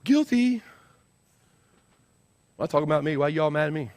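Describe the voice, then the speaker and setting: A man preaching an animated sermon as senior pastor, urging the crowd with call-and-response. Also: fairly high pitch, rapid-fire.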